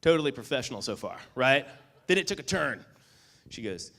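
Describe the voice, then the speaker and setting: A man giving a motivational keynote speech, telling a story with lively acted-out lines and asking the audience "okay?" and "right?" again and again. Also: mid-range voice, moderate pace, vocal fry. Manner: animated storyteller, acts out lines, asks "okay?" and "right?" often. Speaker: keynote speaker and magician.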